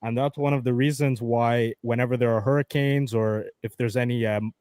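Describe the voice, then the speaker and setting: A man explaining at length in a casual debate, halting and full of fillers. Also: medium pitch, fairly even intonation, a little mellow, smooth, no echo.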